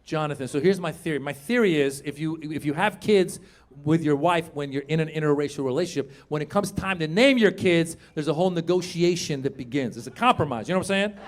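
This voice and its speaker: A man from Iran doing a stand-up comedy set, animated and shouting punchlines to the crowd on a club stage. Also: on the high side, fast.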